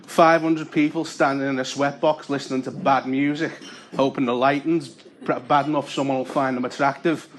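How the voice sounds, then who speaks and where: Young comedian doing stand-up. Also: male voice, a little high. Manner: deadpan, acts out characters in shouted voices. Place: comedy club with audience laughter. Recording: live gig with audible noise.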